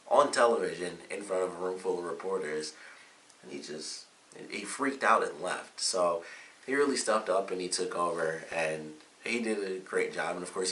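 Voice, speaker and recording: A man's voice: deep voice, sharp tone, far from the mic. A man giving a casual, rambling spoken review of a TV episode, full of fillers. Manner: rambling, chatty recap with many fillers. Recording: echoey room, away from mic, faint hiss.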